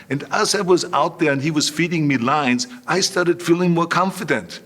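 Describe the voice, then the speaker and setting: A man in his sixties from Austria, with an Austrian accent, telling animated stories as an interview guest, acting out what others said. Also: on the high side, normal speed, few pauses. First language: German. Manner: animated anecdotes with quoted voices. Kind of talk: storytelling interview.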